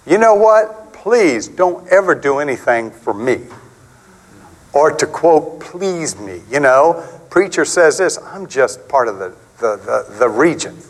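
A middle-aged man preaching a sermon in a conversational, animated way, acting out quotes and stories. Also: a little slow, rough recording. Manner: animated, conversational, acts out quotes with big pitch swings.

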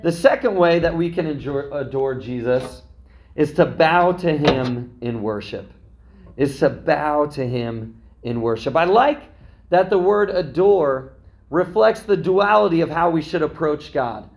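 Brief: male pastor, a parent, preaching in a relaxed talky style, tags lines with "right?", voice a touch higher than most men. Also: unhurried, background noise. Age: young adult to middle-aged, a parent. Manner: conversational preaching, frequent "right?" asides. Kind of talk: sermon.

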